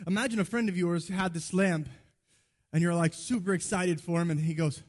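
A man's voice: high-pitched, normal speed. A man preaching a sermon in a conversational, storytelling way, acting out bits of dialogue. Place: church sanctuary. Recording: reverberant church hall.

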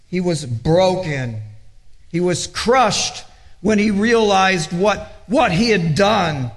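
Recorded in a hall with plenty of echo, a man preaches earnestly, repeating himself haltingly and going quiet and low as he reads out scripture.

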